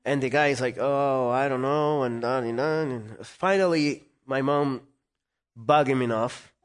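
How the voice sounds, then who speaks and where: As an interview guest, a man tells a lively story in conversation, his mid-range voice animated as he acts out quoted voices.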